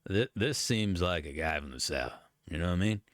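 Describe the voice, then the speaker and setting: Animated low-voiced man reacting. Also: a little fast, dry recording, clean studio sound. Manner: animated, chatty, breaking into laughs and voices. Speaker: YouTube commentator. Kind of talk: casual reaction commentary.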